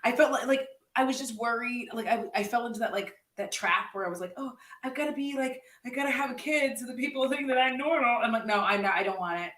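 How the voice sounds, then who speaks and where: Animated woman host in an echoey room. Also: fairly high pitch, quick pace, hardly any pauses. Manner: animated, laughs often, blunt and swears. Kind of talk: casual chat. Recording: echoey room, mic at a distance.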